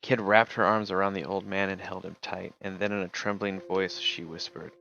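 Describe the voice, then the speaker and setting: A man's voice: low voice, level tone, moderate pace, creaky, few pauses, bright, forceful tone, dull audio. A man streaming, reading a text game aloud and casually remarking between passages. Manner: casual, reads narration then remarks.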